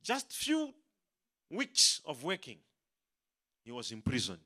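A man preaching a sermon, animated, repeating his words and acting out the people he quotes. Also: mid-range voice, slow pace.

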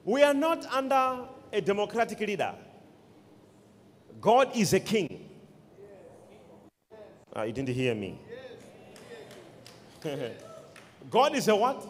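Emphatic high-voiced male preacher. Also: big pitch swings, slow, long pauses. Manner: emphatic call-and-response preaching. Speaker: pastor. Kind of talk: sermon. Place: church. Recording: long hall reverb.

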